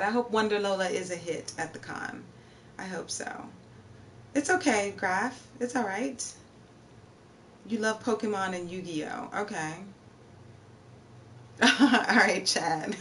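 A woman's voice: mid-range voice, lively intonation, takes it slowly, pauses often, a bit bright, distant mic, a little hiss or hum. A woman live streamer chatting casually and answering her viewers' chat messages. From Virginia, USA. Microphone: streaming setup.

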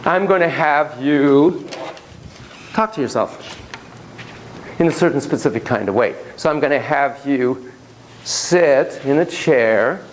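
A man teaching a class on child psychotherapy in a classroom, talking in an animated way that swings between soft, low asides and emphatic bursts, often repeating his phrases. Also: takes it slowly, long pauses, a little hiss or hum, poor audio. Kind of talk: classroom lecture with a volunteer demonstration.

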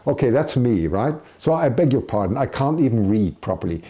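A man hosting a live show in a chatty, self-deprecating way. His pitch moves around a lot, and his tone is very dark and mellow. He sits at a middle pitch and laughs easily between remarks. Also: animated, a little fast, hardly any pauses. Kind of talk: live-stream chat announcing poll results.

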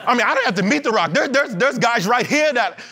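A man preaching a sermon as pastor in a church, animated, with playful asides and acted-out quotes. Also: extremely high pitch, fast talker, slightly rough. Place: church sanctuary.

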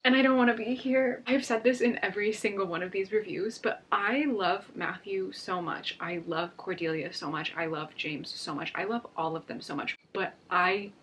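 A young woman vlogging casually about a book she is reading, excitable and emotional as she gushes and frets. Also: medium pitch, moderate pace, hardly any pauses, slight background noise.

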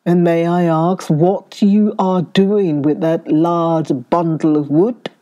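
A big curious black bear from a children's storybook growls its polite questions in a lowered, mellow voice, as a woman reading aloud puts it on. It speaks slowly and deliberately. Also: fairly even intonation, muffled recording.

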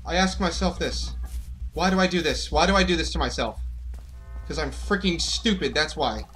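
A man's voice: fairly high pitch, normal speed, fairly bright tone, faint music behind. A man hosting a horror game playthrough, talking nervously to his viewers in frightened, jittery bursts. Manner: jittery, panicky, talks to viewers. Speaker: gaming channel host. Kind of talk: horror let's play commentary.

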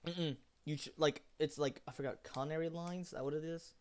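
A man talks on his gaming stream in a loose, offhand way, cursing as he tells stories. His voice sits a bit high for a man. He sounds close to a headset or desk mic. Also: steady tone, a little fast, darkish tone. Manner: loose, swears freely, jumps between story and game. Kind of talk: casual chat while gaming.

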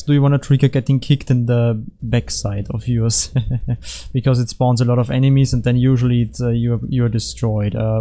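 Rambling, jokey gameplay commentator, mellow voice. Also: male voice, medium pitch. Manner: rambling, jokey, self-correcting, puts on silly voices. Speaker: gaming YouTuber.

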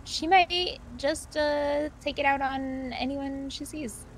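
A woman's voice: high-pitched, steady tone, slow pace, slight background noise. A woman role-playing in a game, chatty and playful. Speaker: gamer role-playing a character. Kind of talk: casual role-play chat.

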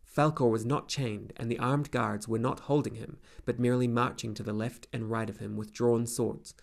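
Guy narrating a fantasy audiobook, gravelly, steady pace. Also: medium pitch, moderate pace. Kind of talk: scripted narration.

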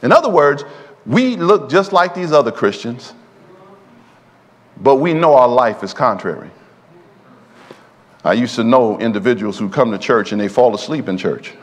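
Animated and medium-pitched, a man delivers a sermon in a church sanctuary at a moderate pace with long pauses, prompting the congregation to call back in response. The long reverb of the church hall fills the recording.

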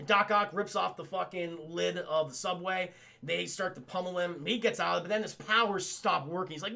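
A man recapping a cartoon episode for a live chat in a casual, profane, excitable way, laughing often. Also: high voice, brisk, creaky. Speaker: cartoon reviewer streaming to chat.

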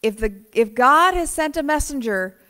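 Woman voicing a frightened young biblical girl, bright, pleading protest. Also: high voice, animated, normal speed. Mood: flustered. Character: frightened young girl Mary, humble and unsure.

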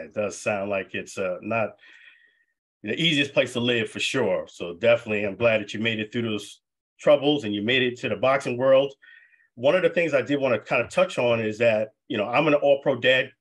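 A man's voice: medium pitch, a bit bright. A man hosting a sports radio interview, friendly and leaning on stock phrases as he asks questions. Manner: friendly, leans on "definitely" and "you know".

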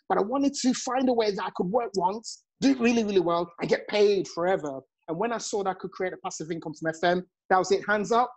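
A man's voice: sits high, poor audio. A man in his forties hosting a motivational live chat over a phone, effusive and chuckling often. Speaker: host and network marketing coach.

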